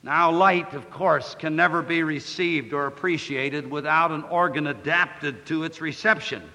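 A man preaching a sermon, reading scripture in a declamatory way, slowing and rising on the quoted verses. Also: a little high, gravelly, bright, forceful tone. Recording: long hall reverb.

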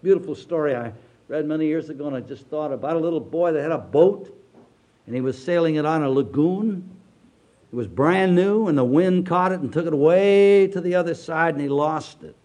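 Preaching from the pulpit, an elderly pastor lets his voice fall soft and hushed, then swells it loud, stretching words out slowly for effect.

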